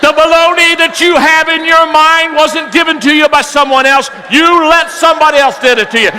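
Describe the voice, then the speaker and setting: Brief: male preacher, high and bright, lively storyteller swinging hushed to loud. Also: normal speed, few pauses, some chatter behind, slight background noise, rough recording. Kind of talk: sermon.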